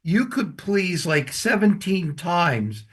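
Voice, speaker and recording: Male podcast host, tentative interviewer, husky tone and very expressive pitch. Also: slow pace. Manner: tentative, gentle questioning. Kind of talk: conversational interviewing.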